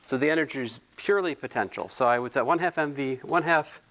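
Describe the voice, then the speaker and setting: A man's voice: medium pitch, fast, fairly bright tone. A man tutoring physics homework in a casual, thinking-aloud way, correcting himself and adding chatty asides.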